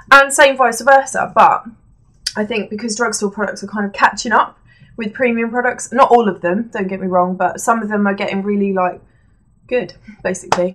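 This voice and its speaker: A woman's voice: medium pitch, fairly bright tone. Chatty woman reviewing makeup. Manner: chatty, rambling, many fillers and self-corrections. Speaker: beauty vlogger. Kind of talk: casual product review chat. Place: indoors at home, seated on a creaky chair.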